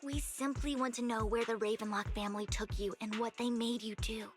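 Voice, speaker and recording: An actress voicing a calm young woman in a video game, speaking in a soothing, composed way. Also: a little high, a little fast, soft background music, natural voice.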